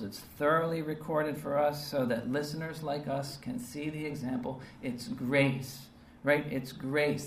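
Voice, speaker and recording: A man's voice: fairly high pitch, a little hiss or hum. A man preaching a sermon in an earnest, emphatic way, often checking in with his listeners through short rhetorical questions. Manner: earnest, emphatic, with frequent rhetorical "right?" and "okay?" tags. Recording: roomy, distant mic with faint ambience.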